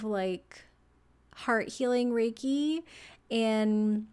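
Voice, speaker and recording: A young woman talks softly and loosely through an astrology reading, her sentences wandering and padded with "like" and "um". She is emotional and near tears, her voice welling up as she goes. Her pitch sits in a middle range for a woman. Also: unhurried. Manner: soft, rambling, full of "like" and fillers. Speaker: tarot reader.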